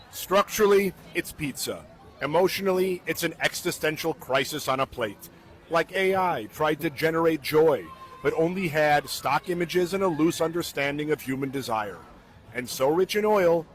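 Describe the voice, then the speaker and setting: A man doing an impression of a world-weary food and travel show narrator, with a dry, sardonic, measured documentary delivery. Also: on the high side, natural voice.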